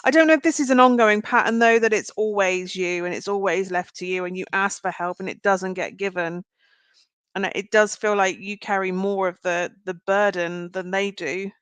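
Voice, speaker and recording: A woman's voice: mid-range voice, steady tone, moderate pace, fairly bright tone, clean tone, no echo. A woman doing a live tarot reading, chatting straight to her viewers. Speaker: tarot reader. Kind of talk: live-stream card reading.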